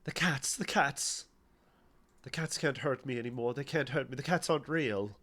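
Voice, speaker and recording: A man's voice: mid-range voice, moderate pace, bright, forceful tone. A man playing a frightened, panicked man who pleads desperately not to be sent back. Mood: pleading.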